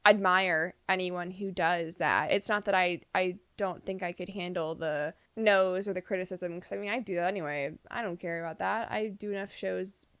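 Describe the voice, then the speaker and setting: A woman's voice: on the low side, fairly even intonation, moderate pace, hardly any pauses, fairly bright tone, clean tone, dry recording. A young woman co-hosting a podcast in casual chat, rambling with lots of fillers and restarts. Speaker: podcast co-host.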